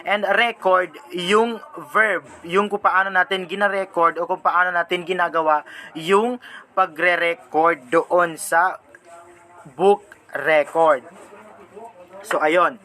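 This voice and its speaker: A young man with a Filipino accent explains a lesson in a high, bright voice. He talks like a student giving an informal classroom report. His delivery is halting, full of pauses and restarts, and he switches languages mid-thought. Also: steady tone. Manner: halting, searching for words, switching mid-sentence between languages.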